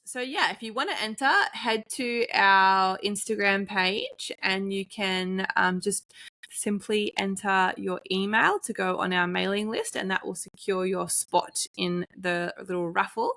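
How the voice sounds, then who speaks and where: A woman co-hosting a podcast in casual chat, telling lively anecdotes and slipping into other people's voices. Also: mid-range voice, measured pace. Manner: lively storyteller, acts out others in her anecdotes. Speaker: podcast co-host.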